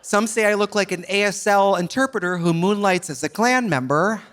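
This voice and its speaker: A man's voice: high voice, moderate pace. A man performing stand-up in drag, campy and sardonic, often mocking people in quoted voices. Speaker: drag comedian. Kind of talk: stand-up comedy. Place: live comedy venue with audience laughing. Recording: live show with loud crowd noise.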